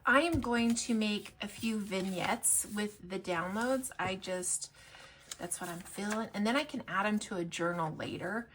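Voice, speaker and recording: A woman talking through a crafting tutorial in a chatty, rambling way, with many fillers and restarts, now and then going soft while she works. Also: mid-range voice, unhurried, slight background noise. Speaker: collage artist and shop owner.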